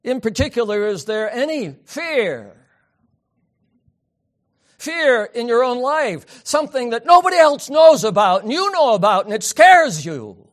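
A man preaching a sermon, swinging from loud emphatic peaks down to soft, quiet asides. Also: very high voice, big pitch swings, unhurried. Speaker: pastor.

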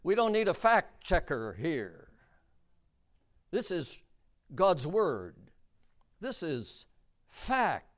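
A man preaching a sermon, emphatic and deliberate, repeating key words for stress. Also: a little high, very animated.

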